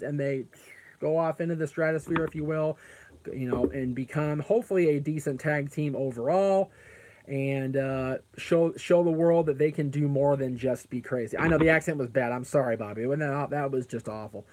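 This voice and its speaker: A man's voice: fairly high pitch, normal speed, darkish tone. A man hosting a casual live stream who rambles, answers chat comments aloud, and often stops to correct himself with plenty of fillers. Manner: frequent fillers and self-corrections.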